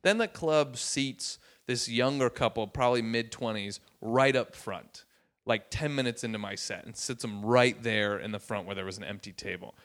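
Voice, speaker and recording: A man's voice: medium pitch, normal speed. A man, a stand-up comedian, telling a story in casual chat and acting out the voices of the people in it. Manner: animated, acts out voices in quotes.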